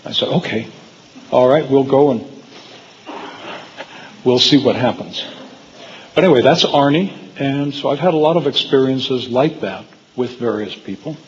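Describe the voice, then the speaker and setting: A man's voice: mid-range voice, moderate pace, pauses often, darkish tone, big-room sound, lo-fi sound, a little hiss or hum. A man giving a talk to a live audience, telling personal stories in a rambling way with frequent fillers and restarts. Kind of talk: storytelling lecture to a live audience. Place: hall with audience.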